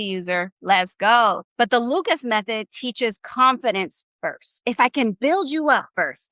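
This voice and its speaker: A woman's voice: fairly high pitch, pushed and bright, no echo. A woman teaching a live online Spanish class. She coaches her audience, keeps asking them questions and drills phrases with them.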